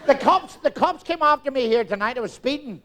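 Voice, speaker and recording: Northern irish comic in his 60s, high voice, live stage act, firing off gags and doing all the voices. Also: expressive, crowd noise, noisy background. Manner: rapid joke-telling, acting out characters in dialogue. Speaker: stand-up comedian. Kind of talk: live stand-up routine.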